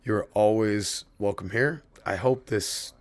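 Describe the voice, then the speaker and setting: A man's voice: on the low side, takes it slowly, no room sound. A man streaming a video game, chatting casually with viewers, profane and rambling but heartfelt. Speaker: gaming streamer. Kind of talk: casual stream chat while gaming.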